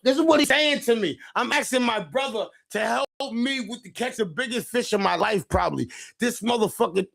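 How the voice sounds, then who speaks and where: A man on a podcast telling a fishing story in an animated, profane way, accusing his friend and swinging from low mutters to shouts. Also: fairly quick, creaky. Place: podcast studio room. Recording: echoey room, mic at a distance.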